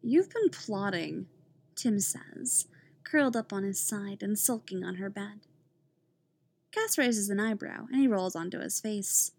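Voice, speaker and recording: A woman narrating a story aloud in a calm, even reading voice. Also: mid-range voice, unhurried, a little hiss or hum. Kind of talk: reading fan fiction aloud.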